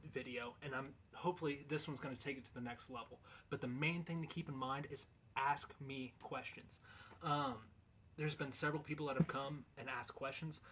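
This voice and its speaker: A man's voice: medium pitch, sharp tone, slight background noise. A man in a casual instructional video, explaining goose calling in a loose, folksy, conversational way.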